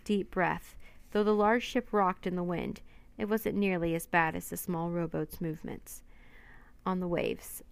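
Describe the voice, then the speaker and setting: A woman reading a children's adventure chapter book aloud, in steady narration with light character voices. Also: medium pitch, vocal fry, no room sound. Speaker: storyteller.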